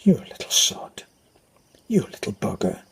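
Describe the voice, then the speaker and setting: A man's voice: measured pace, in a whisper, natural voice. A man putting on his peevish mother scolding him. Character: stern working-class mother, peevish.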